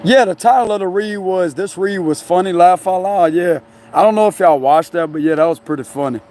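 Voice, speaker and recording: This tarot reader's voice sits high, a little mellow, and fairly quick as he streams live outdoors by a tree and traffic. His casual chat wanders, laughter comes often, and "you know what I'm saying" caps many lines.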